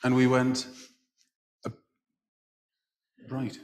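In a very slow, completely flat delivery, a medium-pitched English man tells a long, restart-filled anecdote as a stage-talk guest. The setting is a large book festival hall whose echo gives the recording a roomy reverb.

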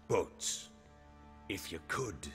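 A man's voice: sits low, very animated, very slow, a bit bright, full character voice. An actor playing a boastful middle-aged warlord baron in a video game, blustery and coarse as he tells his stories. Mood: gruff. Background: game music.

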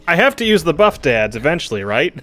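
Male let's-play streamer, laid-back giggly chatter, bouncy intonation, music low underneath. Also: a bit bright. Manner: giggly, laughs often while playing. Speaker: streamer playing a video game. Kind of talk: casual let's-play chat.

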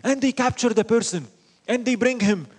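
His voice is very high-pitched, and he keeps a moderate pace. The religious teacher delivers an Islamic lecture through animated stories, rhetorical questions, and bits of Arabic.

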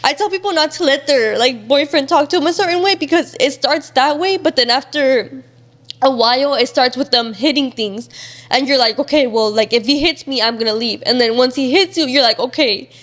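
A woman's voice: high-pitched, brisk, fairly bright tone. A young woman speaking candidly as a guest in a casual interview, talking openly with many fillers. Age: young adult. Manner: casual and open, many fillers, near tears at times.

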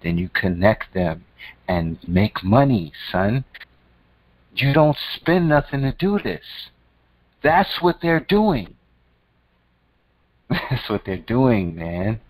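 A man's voice: fairly low pitch, very animated, slow, long pauses, dry recording, poor audio. A man hosting his own channel, giving casual advice in a slangy, emphatic, repetitive way and calling the listener "son.". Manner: profane, repetitive and preachy. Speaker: host.

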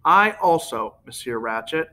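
A man's voice: medium pitch, expressive, a little slow, pushed and bright. A man voicing a polite, formal foreign detective who calls others monsieur. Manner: formal, addresses people as monsieur.

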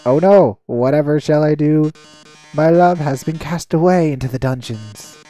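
A gamer voicing a flamboyant male robot TV star, reading the game's lines in a drawn-out, melodramatic way. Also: medium pitch, dark tone, soft background music, lightly acted. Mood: mock-tragic. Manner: melodramatic, drawn-out theatrical delivery. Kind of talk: reading game dialogue aloud in voices.

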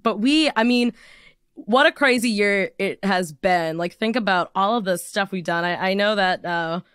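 In a dry, studio-quality recording, a woman in her twenties hosts a podcast, her smooth mid-range voice moving at normal speed. She's giggly and animated, spinning stories in casual chat and slipping into silly voices.

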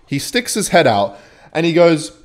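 Lively young man telling a rambling story. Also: a little high, normal speed. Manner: animated, rambling anecdote with swearing and self-mockery. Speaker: gaming channel host. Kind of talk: storytelling over gameplay commentary.

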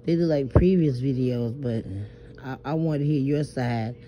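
This late-night confessional vlog features a Southern US woman from New Orleans with a warm bass voice and a moderate pace. She rambles from bed, stammering, swearing freely and stressing her words. Recorded on a phone, the sound is muffled and lo-fi, with a little hiss or hum.

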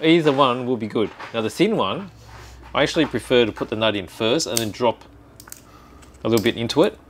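A man's voice: mid-range voice, expressive, brisk, slight background noise. Easygoing man explaining a build. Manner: explains each step, easygoing and patient. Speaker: hobby shop host building a kit. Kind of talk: casual workshop chat.

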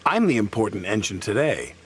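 A man voicing a proud, eager little engine who talks high and chirpy in a storybook reading. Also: sing-song, a little fast, husky.

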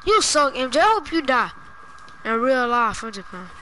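A woman's voice: fairly high pitch, expressive, moderate pace, pushed and bright, slight background noise. A woman trash-talking her opponent during casual gaming banter, taunting and slipping into sing-song chants.

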